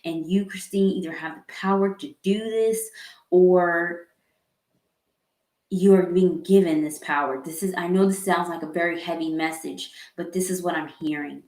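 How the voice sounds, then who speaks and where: A woman giving a live tarot reading in a slow, earnest, halting way, with sighs and repeated words. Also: on the low side, steady tone, a little mellow. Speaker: tarot reader. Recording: echoey room.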